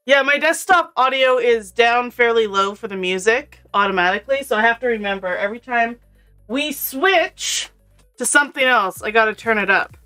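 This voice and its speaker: A woman's voice: fairly high pitch, moderate pace, sharp tone, clear, resonant tone. A woman streaming a video game, chatting casually with her viewers and her pet, laughing often. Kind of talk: casual chat while gaming. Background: faint intro music.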